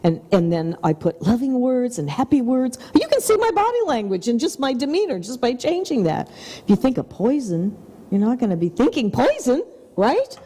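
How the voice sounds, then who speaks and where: A woman's voice: on the high side, very animated, normal speed, in a large hall. A middle-aged woman co-hosting a talk show, speaking in an effusive, upbeat motivational way. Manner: effusive and upbeat, with soft whispered asides. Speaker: TV show co-host.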